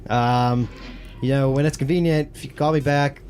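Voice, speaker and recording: A man's voice: mid-range voice, steady tone, normal speed, darkish tone, a little hiss or hum, voice pushed up, close to an everyday voice. A man voicing a socially awkward male leader leaving a hesitant, rambling voicemail in a tabletop game.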